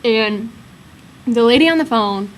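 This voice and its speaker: A woman's voice: on the high side, animated, unhurried, a little hiss or hum. A young woman telling a rambling story in casual chat, full of fillers, as a vlog co-host.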